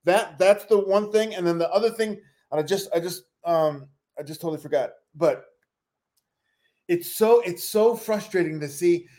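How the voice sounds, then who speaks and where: A man with a high, light voice chats about a reality show. He talks animatedly, jumps into other people's lines and swears freely. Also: normal speed. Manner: animated, acts out quotes, swears. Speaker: podcast co-host. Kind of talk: casual reality TV recap chat.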